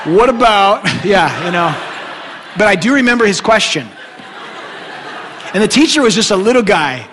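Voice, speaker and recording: A man preaching a sermon, an animated and joking storyteller. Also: high voice, a little slow, long pauses, slight background noise. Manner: animated, joking storyteller who often laughs. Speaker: pastor. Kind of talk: sermon with humorous stories. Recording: long hall reverb.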